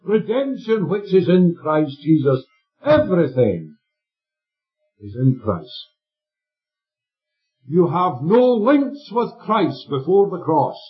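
High, lively-voiced man preaching a sermon. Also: takes it slowly, long pauses. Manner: emphatic, quizzes listeners with questions. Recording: dull lo-fi recording with faint music.

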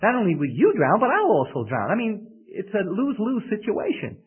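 A man's voice: high-pitched, wildly swooping pitch, a little fast, husky, voice pushed up, full character voice. A man voicing a scheming male scorpion in a spoken fable, coaxing and persuasive, heard over a tinny radio broadcast.

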